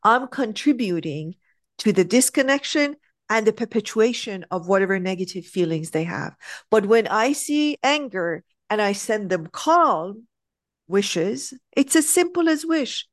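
A woman leads a spiritual class in an animated, emphatic way, acting out little scenes as she explains. Her pitch jumps around as she stresses points. The sound is close and dry. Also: unhurried, no echo. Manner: animated, emphatic, acts out examples. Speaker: spiritual teacher. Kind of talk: teaching a class.

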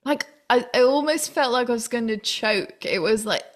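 A woman in casual conversation, a single mother telling lively stories about her dance class and money worries, with laughter and exclamations. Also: a little high, normal speed. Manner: animated storytelling with laughs and exclamations. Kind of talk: casual chat.

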